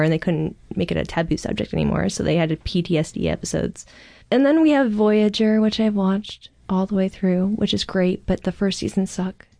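A woman in her thirties chatting on a podcast, an enthusiastic fan with quick asides and some cursing. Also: mid-range voice, vocal fry, dark tone. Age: 30s. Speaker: podcast guest. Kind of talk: casual podcast chat.

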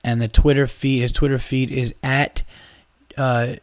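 A man hosting a podcast, telling stories in a casual, animated way, acting out quotes and swearing freely. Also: medium pitch, unhurried, no room sound, studio quality. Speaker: podcast host. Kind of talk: casual chat.

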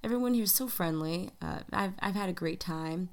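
A woman's voice: lowish voice, fairly quick, vocal fry. A woman from the United States hosting a podcast, talking in a chatty, upbeat way and calling her listeners "y'all". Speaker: podcast host. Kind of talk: casual podcast monologue.

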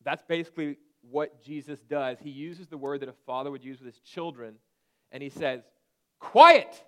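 A man in his thirties preaching a conversational sermon and at times breaking into sharp shouted commands. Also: mid-range voice, fairly even intonation, fairly quick. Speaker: pastor.

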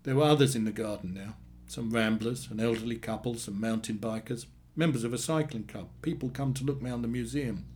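A man narrating a short story in a plain, steady storytelling manner. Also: medium pitch, brisk, slightly rough. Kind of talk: scripted narration.

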